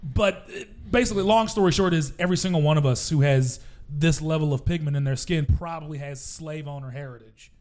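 A man with a slightly raised voice talks in a relaxed, rambling way. He laughs often and restarts his sentences as he explains things to his friends. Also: a little high, a little fast. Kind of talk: casual chat.

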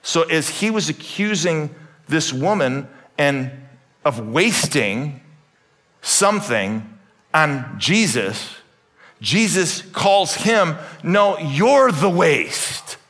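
A man preaching a sermon to a congregation, jokey and animated, swinging from loud emphatic bursts to soft asides. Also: fairly high pitch, slow. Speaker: pastor. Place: church hall with congregation.

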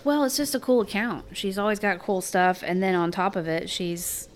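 A woman's voice: medium pitch, normal speed, slight background noise. A woman co-hosting a casual chat, laughing often and teasing her partner. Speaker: co-host.

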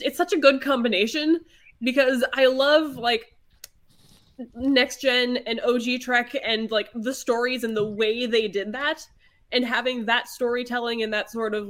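A woman with a fairly high voice chats on a casual podcast. She is giggly and enthusiastic as she talks. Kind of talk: casual chat.

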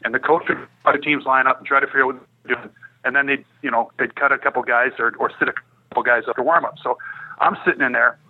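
A middle-aged man telling a lively hockey story on a podcast, laughing and acting out what people said. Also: mid-range voice, fast, husky, phone-quality sound. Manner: animated, laughing, acting out quotes. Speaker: guest storyteller, former hockey player.

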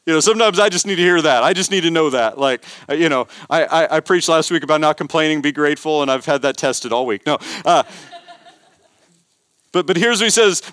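A man's voice: on the high side, brisk, fairly bright tone, clean tone, no echo, clean studio sound. A man preaching a sermon as pastor, emphatic, repeating words and building intensity. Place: church.

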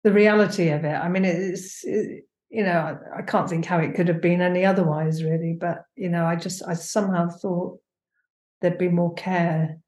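A performance maker, a woman with a lowish, darkish, steady voice, speaks at a moderate pace in a casual interview conversation. She talks hesitantly and searchingly, with many fillers, in an echoey room.

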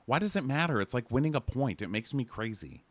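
A man's voice: mid-range voice, big pitch swings, brisk, dry recording. A man co-hosting a podcast, casually recapping a reality show in a sarcastic, profane way. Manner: sarcastic, swears freely. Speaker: podcast co-host.

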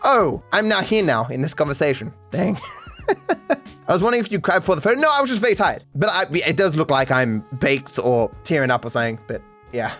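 A man's voice: fairly high pitch, fairly quick, faint music behind. Chatty man hosting a solo podcast. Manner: animated, swearing, frequent restarts. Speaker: podcast host. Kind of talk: casual solo podcast rambling.

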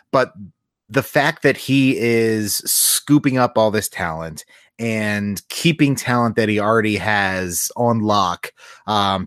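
A man's voice: lowish voice, dry recording, studio quality. A man co-hosting a podcast, talking casually and indignantly, with lots of restarts and swearing. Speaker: podcast co-host.

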